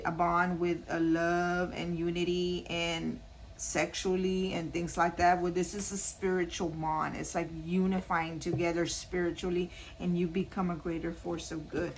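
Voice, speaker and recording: A woman's voice: fairly low pitch, slight background noise, low-quality recording. A woman doing a casual spoken tarot reading, talking straight to her viewers and repeating her points earnestly. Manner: repetitive, earnest, addresses viewers directly. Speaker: tarot card reader.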